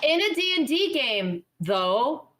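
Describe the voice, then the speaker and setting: A woman's voice: high-pitched, sing-song, slow pace, a bit bright. A woman returning as a guest on a film podcast, chatting casually and bubbly, laughing often. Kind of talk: casual chat.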